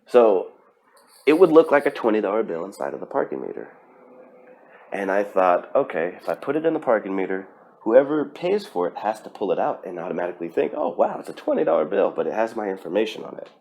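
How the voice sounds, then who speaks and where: A man with a low, deep voice talks alone on his own podcast. He speaks earnestly and with emphasis, often pausing on fillers and restarting his sentences as he pushes his point. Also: big pitch swings, gravelly, a little mellow. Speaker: podcast host. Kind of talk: solo motivational podcast talk.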